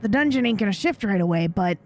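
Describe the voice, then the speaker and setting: A woman's voice: mid-range voice, lively intonation, fast talker, close to an everyday voice. A woman voicing a scrappy, brash male goblin companion who talks bluntly and swears casually. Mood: urging.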